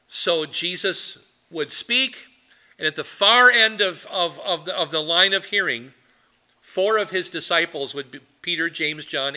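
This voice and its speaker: A middle-aged man leads a Bible study as pastor, with a forceful, sharp-edged voice sitting slightly high for a man. He teaches like an animated storyteller and wanders off into asides.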